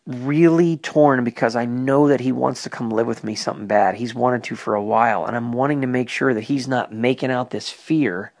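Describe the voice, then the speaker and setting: A man's voice: medium pitch, steady tone, normal speed, hardly any pauses. A man recording a personal spoken journal, talking in an earnest, emotional and soul-searching way. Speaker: father keeping a spoken prayer journal.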